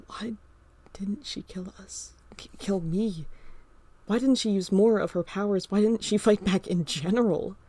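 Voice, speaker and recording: A woman's voice: mid-range voice, a little fast, hardly any pauses, dark tone, no room sound, lightly acted. A woman voicing an anxious teenage older brother who mumbles nervously. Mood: brooding.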